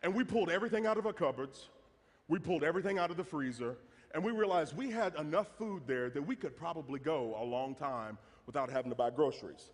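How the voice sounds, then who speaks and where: A man gives a live talk to an audience in a big hall, and his voice rings with long reverb. He is a storyteller who jokes and acts out the voices of his family. His voice sits high and swings widely in pitch. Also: expressive, fast talker. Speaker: speaker on personal finance.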